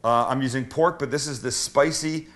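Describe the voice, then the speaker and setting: Middle-aged host cooking and chatting, easygoing and jokey. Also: male voice, mid-range voice, moderate pace, fairly bright tone. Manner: chatty, self-deprecating, joking. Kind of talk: casual cooking banter.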